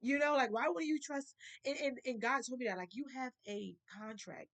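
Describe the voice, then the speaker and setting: A woman's voice: high-pitched, normal speed, a bit bright. Earnest, emotional young-sounding woman. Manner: emotional, earnest, heartfelt, at times tearful. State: near tears at moments. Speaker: spiritual vlogger. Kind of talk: casual spiritual vlog talk.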